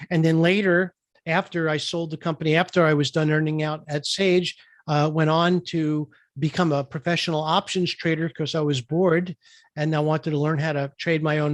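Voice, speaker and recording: A man's voice: fairly high pitch, no room sound. A man, a guest entrepreneur, telling a business story in an interview and acting out quoted dialogue. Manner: lively storyteller who acts out quoted dialogue.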